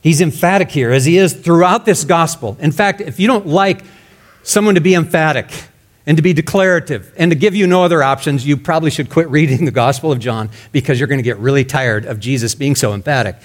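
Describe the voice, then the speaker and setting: A male pastor preaching a sermon emphatically, his voice rising loud and dropping to a hush. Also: a little high, a little fast. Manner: emphatic, swinging between loud and hushed.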